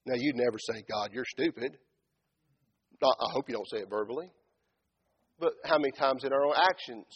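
A man preaching a sermon in a church, shifting between loud, shouted build-ups and quiet low asides, and acting out Bible figures in mocking voices. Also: moderate pace, long pauses, slightly rough, lo-fi sound. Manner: acts out biblical speakers in mocking tones.

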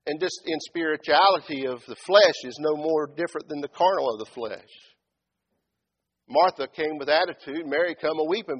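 Male preacher, husky and fairly high, big dynamic swings from hushed asides to shouting, mocks biblical characters' voices in a church sermon. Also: muffled recording. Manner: swings between loud shouted build-ups and quiet low asides; acts out biblical speakers in mocking tones.

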